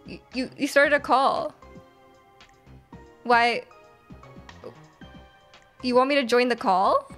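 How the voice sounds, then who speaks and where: A woman's voice: high-pitched, takes it slowly, pauses often, fairly bright tone, soft background music. Giggly chatty woman streamer. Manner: giggly, chatty, reads chat aloud. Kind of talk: casual live-stream chat.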